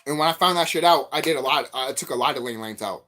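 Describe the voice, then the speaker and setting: A man vlogging as a spiritual commentator, telling stories in a rambling, profane, animated way. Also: mid-range voice, fast. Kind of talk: rambling casual monologue.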